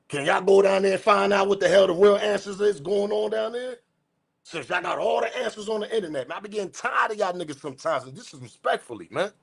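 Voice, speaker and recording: Ranting man with a highish voice. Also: gravelly. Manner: profane, repetitive, slangy, keeps saying respectfully; animated, swings from muttering to shouting. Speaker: host. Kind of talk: ranting news commentary.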